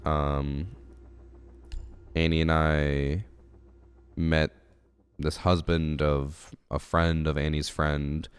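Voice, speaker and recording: A man's voice: extremely low pitch, little pitch movement, extremely slow, long pauses, clear, resonant tone, dry recording. A congested male streamer chatting casually and wryly with his chat about a game. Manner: chatty, answers chat, wry.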